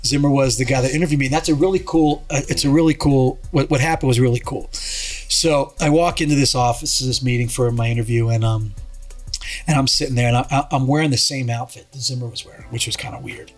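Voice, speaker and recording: A man in a middle pitch chats casually as a podcast guest. He rambles through a story, restarts sentences, and acts out what other people said. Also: steady tone, quick pace, soft background music.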